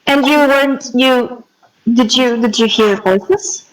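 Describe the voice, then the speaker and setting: Brief: stammering, prim male adventurer, played by a woman, pitched a little high. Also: takes it slowly, rough recording. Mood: baffled. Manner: stammering, scandalized.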